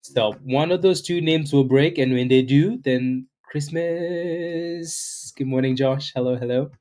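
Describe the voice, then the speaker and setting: A man's voice: mid-range voice, steady tone, normal speed, a little mellow. A man hosting a live day-trading stream, chatting loosely through market commentary, greeting viewers and ending lines with "right?". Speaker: day-trading livestream host.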